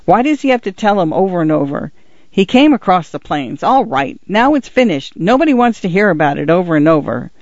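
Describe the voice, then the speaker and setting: A man's voice: on the high side, moderate pace, hardly any pauses, dry recording, natural voice. A man voicing an irritable, impatient ranch father who speaks in clipped lines, recorded on a dull, dry track. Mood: angry.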